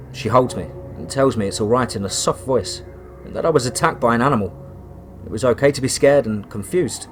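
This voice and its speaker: A man narrates a first-person horror story at a steady, measured pace, his voice sitting at an ordinary middle pitch. A faint hiss of noise runs under the reading.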